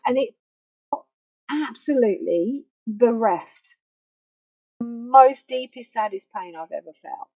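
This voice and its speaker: A middle-aged grief counsellor gives an earnest, emphatic personal teaching talk, repeating phrases for stress. Her fairly high voice has vocal fry, and the dry recording is muffled by a faulty microphone.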